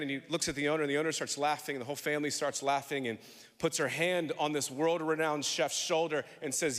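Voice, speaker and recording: A man preaching in a church, with a high, bright voice that carries a long reverberation through the hall. He tells stories with humor and calls on the congregation to answer him back. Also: steady tone, fast. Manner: storytelling with humor, call-and-response with congregation. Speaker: pastor. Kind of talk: sermon. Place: church sanctuary.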